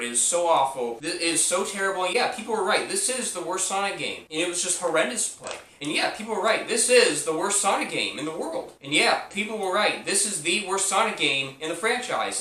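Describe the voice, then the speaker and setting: A man's voice: on the high side, pushed and bright. Rambling, repetitive game reviewer man. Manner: repetitive, rambling, many fillers. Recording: roomy echo, distant mic, faint hum.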